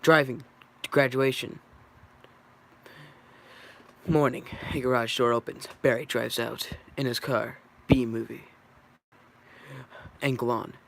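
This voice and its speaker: A man's voice: mid-range voice, steady tone, measured pace, vocal fry, long pauses, slight background noise. A man casually reading a script aloud, stumbling and correcting himself as he goes. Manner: stumbling, self-correcting, offhand. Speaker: reader.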